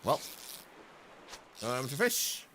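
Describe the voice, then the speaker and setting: Playing a video game on stream, a man gives casual commentary and reads the on-screen text aloud. He speaks very slowly at medium pitch with big pitch swings and a bright, forceful tone. There's a little hiss or hum in the background.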